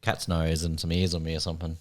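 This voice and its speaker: A man's voice: rumbling low, monotone, fast, dry recording. An Australian man co-hosting a podcast, joking and teasing his friends. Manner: playful, joking, laughs often. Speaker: podcast co-host. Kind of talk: casual banter.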